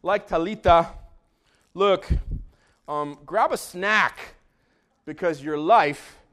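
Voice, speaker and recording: A man preaching a sermon as pastor in a church, swinging from hushed tones to shouting. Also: sits high, takes it slowly. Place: church sanctuary.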